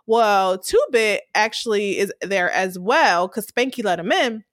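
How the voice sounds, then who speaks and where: A woman casually recapping a TV episode, telling it like a lively story and laughing often. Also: medium pitch, measured pace, no room sound, clean studio sound. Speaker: podcast co-host.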